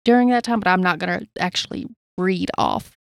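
Reading a case account gravely on their true crime podcast, a woman co-host throws in blunt personal asides. Her lowish voice is animated and fairly quick. The studio-quality recording has no room sound.

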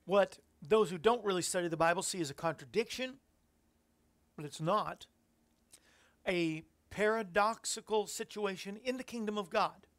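A man's voice: sits high, normal speed, a bit bright. A man hosting a Christian radio commentary show, musing on scripture in a reflective, rambling way with frequent fillers. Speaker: host.

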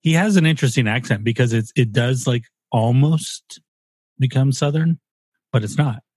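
A man's voice: mid-range voice, brisk, darkish tone, slightly rough, no room sound. A man co-hosting a podcast, joking around in casual chat and slipping into put-on accents. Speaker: podcast co-host. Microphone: studio microphone.

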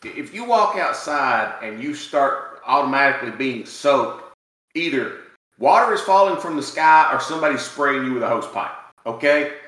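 A man chats in a laid-back way on a podcast, agreeing and explaining points with everyday examples. His voice is mid-pitched and bright. The room is very echoey. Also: lively intonation, normal speed. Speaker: podcast co-host. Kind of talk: casual chat.

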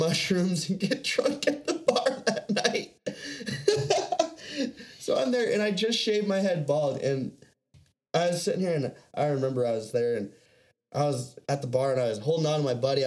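A man's voice: fairly high pitch, brisk. A young man telling rambling, profane stories in casual chat, laughing often.

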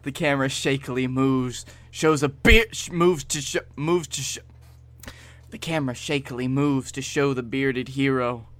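A man's voice: mid-range voice, steady tone, normal speed, fairly bright tone, no echo. A man co-hosting a comedy podcast, dramatically narrating a story he wrote, close to the mic. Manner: dramatic narration, breaks into laughter. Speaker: co-host and story reader.

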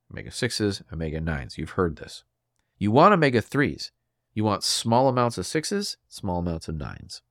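A man's voice: on the low side, dry recording, clean studio sound. A man hosting a solo health podcast, lecturing emphatically and asking his listeners rhetorical questions. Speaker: podcast host.

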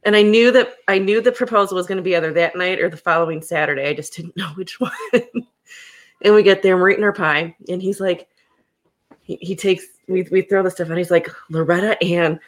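A young woman hosting a podcast, telling personal stories in a casual, animated way and laughing often. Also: lowish voice, a little fast. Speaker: podcast host. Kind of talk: casual storytelling chat.

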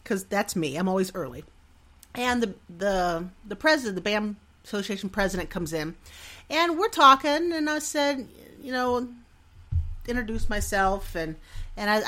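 Lively, animated middle-aged woman storyteller. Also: on the high side. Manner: animated, self-deprecating, laughs often. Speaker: podcast host. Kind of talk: personal storytelling monologue.

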